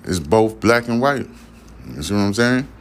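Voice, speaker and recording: Low-voiced male podcast host, casual profane news commentary, rambling delivery. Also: lively intonation, moderate pace. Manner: profane, rambling, laughs at the stories.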